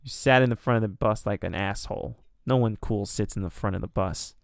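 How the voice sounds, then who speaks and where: A man's voice: fairly low pitch, fairly quick, gravelly, no room sound, studio quality. A young man casually telling a rambling, profane, self-deprecating story as a podcast co-host.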